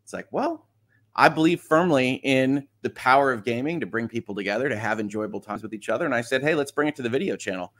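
A man's voice: medium pitch, expressive, fast, a bit bright. A middle-aged man hosting a casual morning livestream, reading viewer comments aloud and chatting about them with frequent laughs. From Michigan. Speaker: livestream host.

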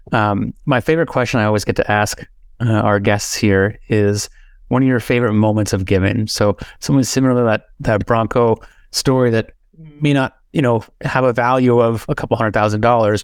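A man's voice: on the low side, clear, resonant tone, no echo. A man hosting a podcast interview, speaking earnestly and rambling with lots of fillers. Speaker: podcast host. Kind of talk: interview conversation.

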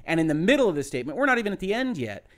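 A man who is a lawyer giving measured, methodical commentary and explaining his reasoning step by step. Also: high voice, big pitch swings, fairly bright tone. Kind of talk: analytical legal commentary.

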